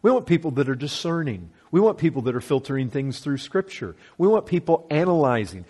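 Husky-voiced preacher with a lively delivery. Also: male voice, fairly high pitch, fairly quick. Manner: earnest preaching, repeats phrases for emphasis, rising to stress points. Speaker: pastor. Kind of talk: sermon.

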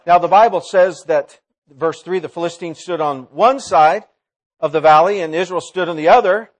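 A man preaching a sermon in a college chapel, swinging between loud emphatic lines and low quiet asides. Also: moderate pace.

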